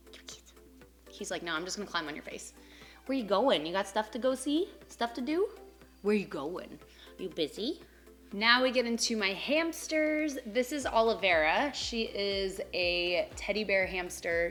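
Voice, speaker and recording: A woman's voice: medium pitch, fairly bright tone. A young woman vlogging about her pets at home, talking casually and slipping into baby talk with them. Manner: chatty, coos and baby-talks to her pets. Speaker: pet vlogger. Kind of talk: casual chat. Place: home, on the couch.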